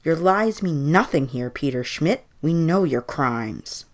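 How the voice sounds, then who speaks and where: A woman voicing a chorus of vengeful spirits who accuse slowly in a booming voice. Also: lively intonation. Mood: accusing, booming.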